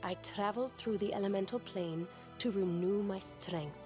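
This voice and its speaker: A calm, mystical traveler in a video game, voiced by a woman, speaking in a mid-pitched, matter-of-fact way. Soft game music sits behind her. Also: moderate pace, natural voice. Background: faint game music.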